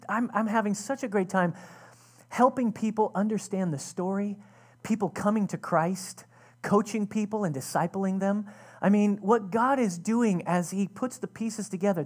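A woman pastor preaches in a relaxed, conversational way, earnest and personal, and often restarts her phrases. Her voice is husky and breathy at an ordinary pitch. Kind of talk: sermon.

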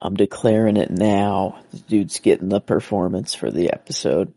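A man's voice: sits low, moderate pace, creaky, dark tone, dry recording. A man co-hosting a casual chat, talking enthusiastically and rambling with many restarts. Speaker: co-host.

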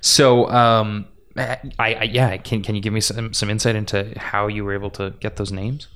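Halting low-voiced male podcast host. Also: flat delivery, fairly bright tone, smooth. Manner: halting, restarts questions often. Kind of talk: casual podcast interview.

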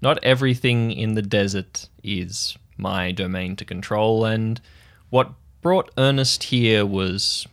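A man voicing a giant male bird-man who guards the desert, speaking in a measured, quiet, solemn way. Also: fairly low pitch.

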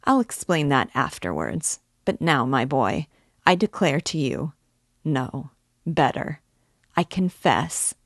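A woman reads a feverish young male student who needles his listener with slow, low-pitched mockery, then drops into a hushed, intense tone. The voice sits in a dry space close to the mic, with no room sound around it. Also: lively intonation, dry recording, full character voice. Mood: teasing.

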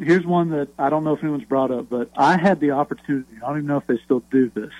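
A man's voice: medium pitch, no echo, muffled recording. A man talking as a guest on a sports radio show, telling stories and laughing easily. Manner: laughing, conversational storyteller. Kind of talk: casual radio chat.

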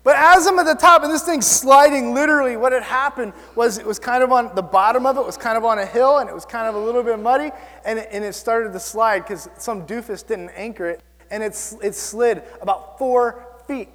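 A male pastor preaching a sermon, telling stories in an animated, self-mocking way. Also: very high-pitched, a little fast, big-room sound.

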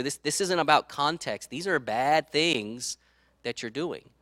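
A man's voice: fairly high pitch, animated, measured pace, bright, forceful tone, dry recording, studio quality. A man preaching a sermon as pastor, conversational, checking in with the congregation and acting out quoted voices. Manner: conversational, tag questions to the audience; acts out quoted speech.

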